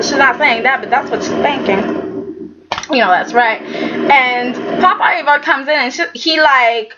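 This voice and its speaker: A woman casually recapping a soap opera episode in a chatty, sassy way, with animated asides. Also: sits high, normal speed. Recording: muffled, loud background noise.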